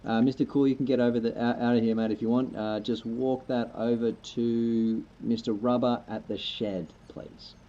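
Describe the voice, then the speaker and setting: Gravelly, mellow-voiced man streaming. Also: mid-range voice, flat delivery, moderate pace, few pauses. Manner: laid-back, rambling, joking. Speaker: livestreamer playing a farming game. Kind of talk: casual gameplay chat with viewers. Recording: slightly muffled lo-fi mic.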